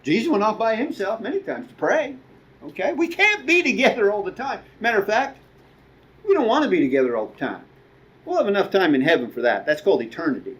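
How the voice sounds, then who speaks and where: High, lively-voiced male preacher. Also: fast, muffled recording. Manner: conversational, with asides and quoted dialogue. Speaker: guest preacher. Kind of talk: sermon.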